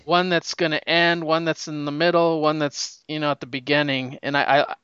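Guy gushing about an old comic, kinda high smooth voice, dry dull-ish sound. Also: normal speed, dry recording. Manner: excited, rambling retelling full of fillers. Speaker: comic book reviewer. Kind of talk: casual comic recap.

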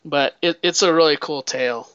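A man's voice: a little high, normal speed, a bit bright, muffled recording, slight background noise. A man in casual chat, rambling through movie plots with lots of swearing and acted-out quotes. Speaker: movie fan recommending films.

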